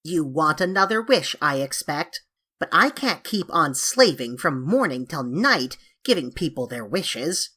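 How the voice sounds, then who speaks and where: A woman's voice: sits low, sing-song, measured pace, bright, forceful tone, full character voice. A woman voicing a grumpy, self-pitying male sand fairy who gripes and whines, reading an audiobook of a classic children's story. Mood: grumbling. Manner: gruff and complaining, voice cracking.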